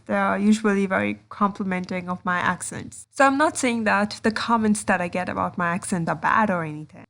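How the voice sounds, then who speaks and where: A young woman vlogging casually to her viewers, rambling and self-conscious, with frequent laughs and restarts. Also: a little high. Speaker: YouTuber. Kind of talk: casual vlog commentary.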